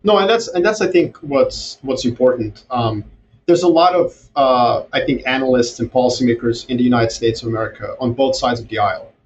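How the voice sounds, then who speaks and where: A man who grew up in Europe and the Middle East, talking as a podcast guest in a sarcastic, animated way with mocking asides. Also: medium pitch, fairly quick. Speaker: guest strategist. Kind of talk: casual podcast conversation. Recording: distant, dull, slightly noisy remote audio.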